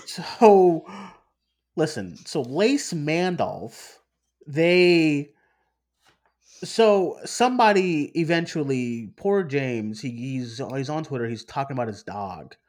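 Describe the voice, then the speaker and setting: A man's voice: a little high, lively intonation, slow pace, darkish tone. A man co-hosting a podcast in casual chat, rambling and repeating himself as he gets worked up. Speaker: podcast co-host.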